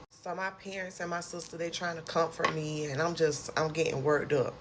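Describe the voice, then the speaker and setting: A woman's voice: sits low, moderate pace, few pauses, a crowd in the background. A young woman, animatedly telling her own survival story in a casual storytime vlog. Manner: animated, expressive retelling with dialect and slang.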